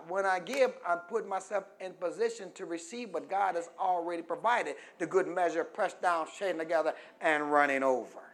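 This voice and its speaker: A middle-aged man with a high-pitched voice preaches a sermon, having the congregation finish his phrases. He swings from quiet teaching to loud, emphatic preaching and back.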